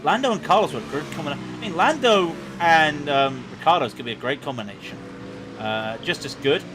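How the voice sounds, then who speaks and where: Excitable man calling sim races. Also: a little high, over music. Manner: chatty, excitable, quick asides. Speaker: sim racing commentator. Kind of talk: live race commentary chat.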